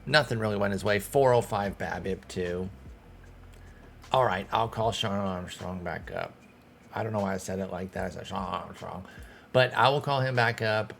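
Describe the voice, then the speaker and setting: A man's voice: fairly low pitch, normal speed, vocal fry, a little hiss or hum. A man, thinking aloud in casual commentary as he manages a baseball team in a video game. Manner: thinking aloud, talking to himself and the players. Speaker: gaming streamer. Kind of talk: casual let's-play commentary.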